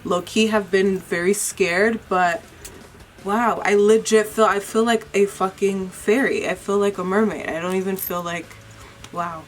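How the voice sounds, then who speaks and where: A woman's voice: medium pitch, fairly even intonation, a little slow, slight background noise. A young woman chatting casually in a beauty vlog, cursing freely and mocking herself. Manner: swearing, chatty and self-mocking. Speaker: beauty vlogger.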